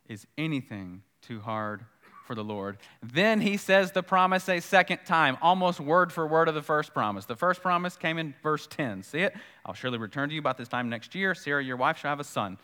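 A man's voice: on the high side, expressive, a little fast, pushed and bright, clean tone, in a large hall. A man preaching a sermon in a conversational way, repeating key points for emphasis and acting out the dialogue of scripture. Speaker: pastor.

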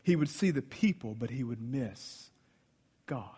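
A man preaching a sermon, swinging between loud exclamations and hushed asides as he retells a Bible story. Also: mid-range voice, expressive, unhurried, slightly rough. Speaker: pastor.

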